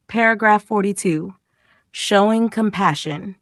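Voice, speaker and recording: A woman's voice: unhurried, a bit bright, no echo, studio quality. A woman reading short emotional stories for English learners, giving each quoted line its own feeling. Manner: reads paragraph titles, then acts out quoted lines with raised pitch. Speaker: English lesson reader. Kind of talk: expressive story reading.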